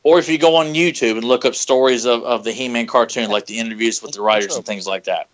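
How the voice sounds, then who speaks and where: A man co-hosting a podcast in casual chat, animated and rambling, often dropping into silly voices. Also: medium pitch, quick pace, lo-fi sound. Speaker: podcast co-host.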